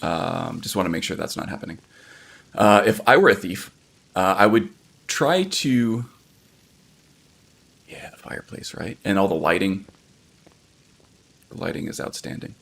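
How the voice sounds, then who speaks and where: A male game streamer with a deep, fry-laden voice commenting casually on his play. He rambles, corrects himself, and fills gaps with ums. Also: animated, normal speed, pauses often, a bit bright. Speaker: livestreamer playing a game.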